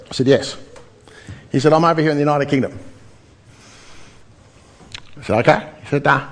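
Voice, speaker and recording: A man's voice: a little high, brisk, pauses often. An Australian man giving a motivational property seminar, telling stories and firing questions at the audience. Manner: energetic, storytelling, questions to audience.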